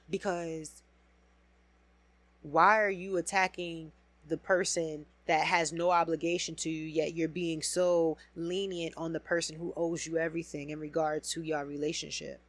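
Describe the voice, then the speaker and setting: A woman's voice: sits low, normal speed, dry recording. Blunt, profane woman podcast host ranting. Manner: blunt, profane, animated and emphatic. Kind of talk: casual solo reality TV rant.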